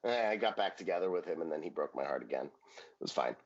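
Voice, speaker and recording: A man's voice: low voice, animated, racing, muffled recording. A man co-hosting a podcast, chatting casually and jokingly about a sitcom episode and swearing now and then. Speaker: podcast co-host. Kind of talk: casual chat recapping a sitcom.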